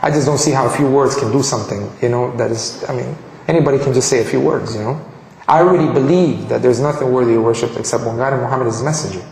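A man's voice: medium pitch, fast, creaky, slight background noise. Man telling his story in an echoey hall. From Colombia. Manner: animated, frequent restarts and fillers. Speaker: convert giving a testimony. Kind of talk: personal storytelling talk. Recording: echoey hall with long reverb.

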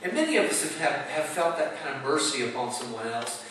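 A man's voice: a little high, very animated, a little fast, a bit bright, slight background noise. A man preaching a sermon in an emphatic, conversational way, asking rhetorical questions. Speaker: pastor. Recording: echoey hall, mic at a distance.

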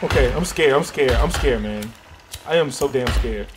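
A man's voice: medium pitch, normal speed, over music. A man giving let's-play commentary on a survival game, jumpy and swearing, talking to himself as he goes. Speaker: gaming YouTuber.

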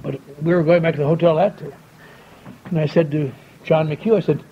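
A man's voice: fairly high pitch, steady tone, fairly quick, long pauses. An older man telling a wry, folksy story to a convention audience, acting out the dialogue he quotes. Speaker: speaker at a recovery convention. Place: large convention hall. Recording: dull lo-fi tape with faint hiss.

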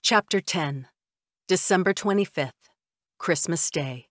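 A woman narrating a fiction audiobook in the first person, with a steady, even delivery. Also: lowish voice, slow pace, no room sound, clean studio sound.

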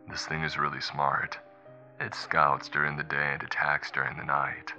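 A man voicing a wounded male pilot recording tense, hushed last messages while a creature hunts him. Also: monotone, normal speed, soft background music, heavily acted. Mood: grim. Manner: low, tense, hushed reports. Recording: muffled lo-fi recorder playback.

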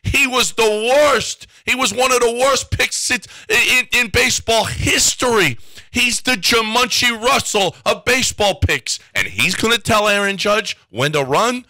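A radio host playing a brash New sports radio host who trash talks bluntly, for a comedy bit. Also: male voice, very high-pitched, animated, unhurried, bright, forceful tone, no echo, full character voice. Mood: ranting.

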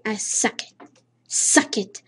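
A woman, not a native English speaker, commenting on a horror game she is playing, jittery and swearing a lot, humming nonsense to stay calm. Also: slow pace. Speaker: let's play gamer.

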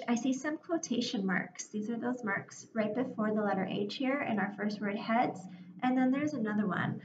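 Woman, teacher, recorded lesson for young children, slow clear encouraging delivery, echoey room, muffled sound. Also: a little high. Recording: echoey room, dull sound, faint hiss.

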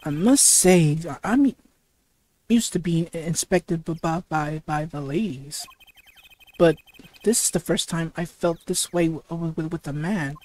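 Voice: mid-range voice, measured pace, a little mellow, close to an everyday voice. A reader doing a suave flirtatious rock-star prosecutor. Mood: flirting. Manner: suave, heavy stammering while reading.

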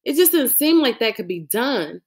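A woman reading a novel aloud as a lively first-person storyteller. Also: a little high, normal speed. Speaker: audiobook reader. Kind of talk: audiobook narration.

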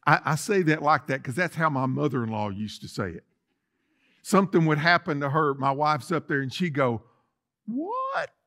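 A man preaching a sermon as lead pastor in a church, swinging from loud declarations to soft asides. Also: a little high, a little fast. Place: church sanctuary.

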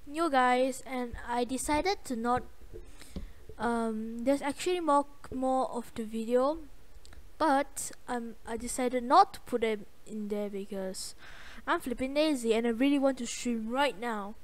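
A young woman hosting a gaming channel, giving casual, excitable gameplay commentary with a voice going hoarse. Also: a little high. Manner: excitable, yelps and trash-talks the game.

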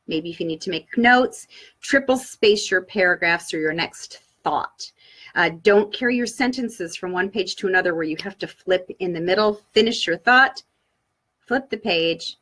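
A woman's voice: mid-range voice, fairly bright tone, breathy edge. A woman speaking as a guest expert, giving upbeat coaching tips straight to viewers in a live online session.

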